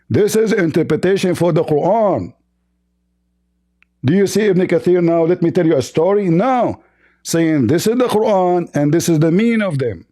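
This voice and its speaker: A man hosting a heated live online debate, hoarse from shouting, hurling insults and repeating himself. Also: high-pitched, no room sound, clean studio sound. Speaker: debate show host.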